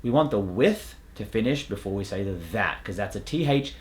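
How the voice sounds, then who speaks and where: A man teaching pronunciation as an accent coach, demonstrating sounds slowly and clearly with repeated word pairs. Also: lowish voice, darkish tone. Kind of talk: pronunciation lesson.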